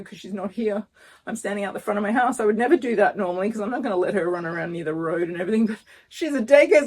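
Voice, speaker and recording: In a casual vlog shot in front of her house, a woman in her 50s gives an emotional, earnest pregnancy update and seems close to crying. She has a lowish, darkish voice with a breathy edge.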